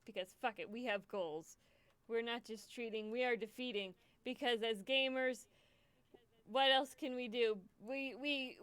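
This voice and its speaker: A woman's voice: fairly high pitch, a little slow, fairly bright tone, clean tone, dry recording. A young woman hosting a charity livestream, emotional and choked up, stammering and repeating herself as she talks casually to her viewers. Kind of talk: casual live stream chat.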